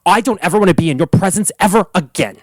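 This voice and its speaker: A man putting on the voice of an indignant, brash middle-aged socialite woman, talking haughtily and fast. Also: high voice, animated, no echo, pitched above the performer's own voice.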